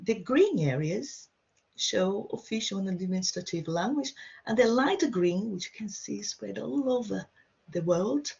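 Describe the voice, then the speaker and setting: A Portuguese teacher gives an online lesson to beginners over a video call, chatting through each point and often checking in with "okay?" Her voice is a little gravelly and husky, medium in pitch with a darkish tone. The class audio is dull and lo-fi.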